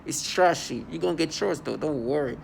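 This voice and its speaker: A defiant man talks straight to the camera from home, his somewhat high voice roughened by heavy gravel. He speaks with scorn, stumbling, restarting and repeating words as he goes. Traffic hums faintly in the background. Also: fairly quick. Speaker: vlogger. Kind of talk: angry personal monologue to camera. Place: at home indoors.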